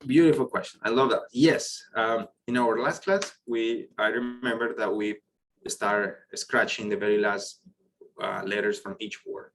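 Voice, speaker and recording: A man with a lowish voice teaches French to an online class, heard through a computer mic with a faint hum behind him. He is encouraging and patient, praising students' questions. His English has a non-native phrasing. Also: steady tone, unhurried, a bit bright, rough recording.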